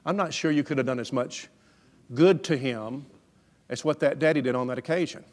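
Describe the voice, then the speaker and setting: A man's voice: mid-range voice, a little fast. A man preaching a sermon through stories, folksy, conversational and emphatic. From Alabama, USA. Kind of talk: storytelling sermon.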